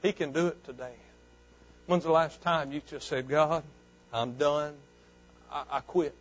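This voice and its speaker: A male pastor preaching a sermon, fervent and swinging between loud and soft. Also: a little high, unhurried. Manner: fervent preaching that rises and falls. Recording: dull lo-fi sound.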